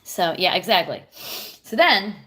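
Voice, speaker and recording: A woman's voice: fairly low pitch, big pitch swings, slow pace, a bit bright. A woman in her thirties chatting casually on a livestream, telling a rambling, profane story and answering viewers. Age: 30s. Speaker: streamer.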